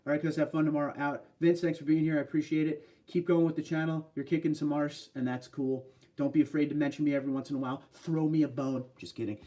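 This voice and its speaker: A man's voice: fairly high pitch, little pitch movement, fast, warm tone, recorded from a distance. A man hosting a casual livestream, chatting loosely and answering viewer comments. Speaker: livestream host. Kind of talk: casual live stream chat.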